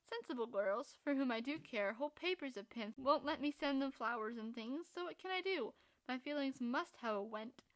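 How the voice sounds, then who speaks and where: A woman voicing a charming, playfully mocking young gentleman in a storybook reading. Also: high-pitched, expressive, normal speed. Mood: teasing.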